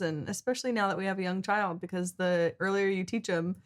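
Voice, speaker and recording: An American woman co-hosts a relaxed reaction video. Her voice is mid-range, and her delivery is playful and joking. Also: medium pitch, brisk. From United States. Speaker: reaction channel co-host. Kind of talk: casual reaction chat.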